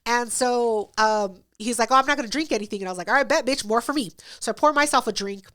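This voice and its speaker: A woman's voice: fairly high pitch, quick pace, fairly bright tone. A woman hosting a podcast, telling a story in casual, profane chat and acting out both sides of it. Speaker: podcast host.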